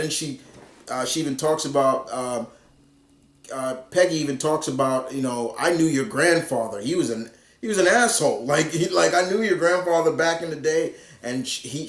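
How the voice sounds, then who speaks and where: A man casually reviewing a comic book, rambling with lots of fillers and restarts. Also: medium pitch. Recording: roomy echo.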